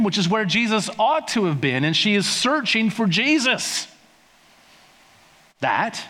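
Male preacher, slightly high voice, chatty sermon with playful asides, echoing church. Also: a bit bright. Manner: conversational, playful asides, acts out quotes. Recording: long hall reverb.

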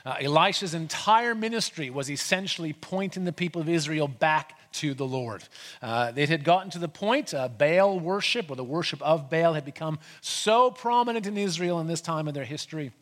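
Male preacher, conversational sermon delivery, a bit high-pitched, long reverb of a church hall. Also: normal speed. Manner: conversational, animated retelling with asides.

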